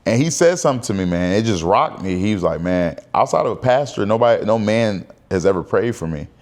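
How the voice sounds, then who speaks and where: A man's voice: on the low side, animated, fairly quick, darkish tone. A man in his thirties talking candidly to camera in a casual personal vlog, rambling and conversational. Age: 30s. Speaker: vlogger.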